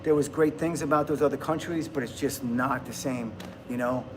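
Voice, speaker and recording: A man's voice: medium pitch, fairly even intonation, moderate pace, background noise. A man in his fifties from the United States, chatting casually on a livestream and answering viewer comments in an upbeat way. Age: 50s.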